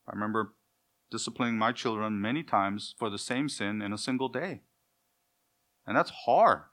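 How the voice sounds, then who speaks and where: Speaking at normal speed, this man has a lowish voice with a fairly bright tone. As a pastor giving an emphatic sermon, he asks rhetorical questions and answers them, acting out parent-child dialogues along the way.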